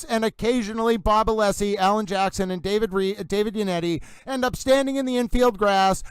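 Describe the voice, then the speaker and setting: A man's voice: high-pitched, clear, resonant tone, no echo, poor audio. A man hosting a livestream, commenting on a trial in a playful, theatrical mock horse-racing announcer style. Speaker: livestream host.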